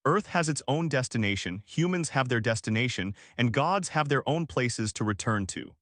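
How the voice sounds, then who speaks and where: A man's voice: mid-range voice, lively intonation, moderate pace, a bit bright, no echo, clean studio sound, lightly acted. A man reading the lines of an arrogant self-proclaimed god in an audiobook, with a haughty, lofty delivery. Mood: grandiose.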